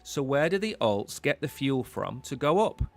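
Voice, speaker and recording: A man's voice: mid-range voice, big pitch swings, moderate pace, vocal fry, soft background music. A man hosting a live market commentary stream, talking in a chatty, rambling way and repeating words while he thinks. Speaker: host.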